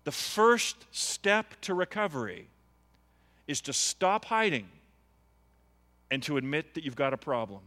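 Earnest preacher with ringing bright voice. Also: male voice, a little high, very animated, a little slow, pauses often, big-room sound. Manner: earnest, pleading, rising to impassioned appeals. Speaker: pastor. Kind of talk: sermon. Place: church.

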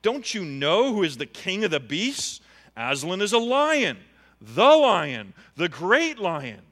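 A man's voice: sits high, big pitch swings, slow, fairly bright tone, in a large hall, full character voice. A man voicing a stern male talking beaver as he reads from a storybook, firm and emphatic.

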